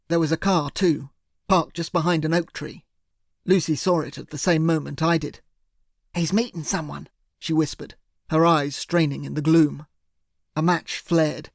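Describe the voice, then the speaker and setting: This audiobook narrator, a man, reads first-person text evenly and deliberately. There's no echo at all: the mic sits close and the sound is bone-dry, highlighting his gravelly, slightly high voice.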